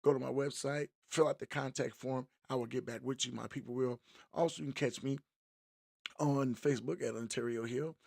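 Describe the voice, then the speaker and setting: A man's voice: mid-range voice, fairly even intonation, fairly quick, vocal fry, a little mellow, no room sound, clean studio sound. A middle-aged man hosting a live-streamed podcast, opening the show in an upbeat, chatty way and greeting viewers by name. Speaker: podcast host.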